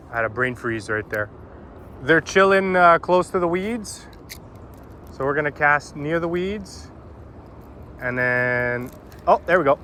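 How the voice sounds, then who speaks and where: A man's voice: a little high, pushed and bright, a little hiss or hum. A man talking casually to his viewers while fishing outdoors on a river bank. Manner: chatty and informal, addressing viewers as "boys". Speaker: fishing vlogger. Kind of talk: casual vlog commentary.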